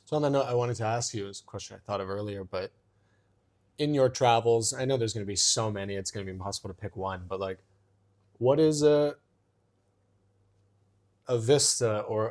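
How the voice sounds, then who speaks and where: A man's voice: fairly low pitch, darkish tone. A man co-hosting a podcast in easygoing casual chat, often murmuring agreement. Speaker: podcast co-host.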